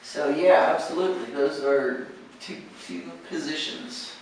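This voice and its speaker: An American woman teaching pronunciation, patiently encouraging and saying words slowly to model them. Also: low voice, a little mellow. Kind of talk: one-on-one pronunciation coaching. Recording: echoey room, distant mic, faint noise.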